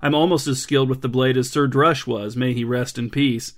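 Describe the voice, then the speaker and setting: A man's voice: medium pitch, fairly even intonation, a little fast, natural voice. A loyal, stubborn lord, voiced by a man reading a bedtime story, pushes back again and again. The voice is a little stuffy from a head cold. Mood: insistent. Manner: insistent. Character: stubborn, devoted male lord, old friend of the king.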